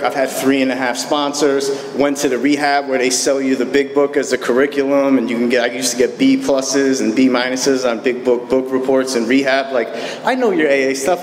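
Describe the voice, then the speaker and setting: A man's voice: mid-range voice, steady tone, normal speed. A man tells his own story to a live meeting group, candid and self-mocking, dropping dry jokes between the hard parts. His voice rings out into a large reverberant hall, with a faint hum of room noise underneath. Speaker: recovery meeting speaker. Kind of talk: personal recovery story told to a live group.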